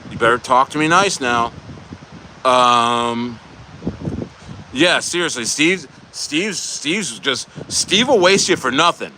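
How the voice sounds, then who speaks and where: A man's voice: mid-range voice, lively intonation, slow pace, sharp tone, a little hiss or hum. A man hosting a casual crypto livestream, bantering and joking loosely with viewers in the chat. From United States.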